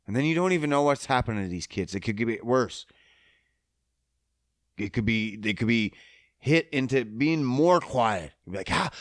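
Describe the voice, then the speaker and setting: A man's voice: medium pitch, no room sound, studio quality. A man hosting a podcast, ranting angrily with heavy profanity and sounding choked up. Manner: angry, heavily profane, emphatic. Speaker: podcast host. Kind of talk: emotional monologue rant.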